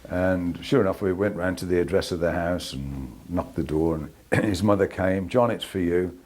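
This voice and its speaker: Low husky older man, soft-spoken. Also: moderate pace. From England. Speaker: interviewee, band member. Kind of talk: casual storytelling.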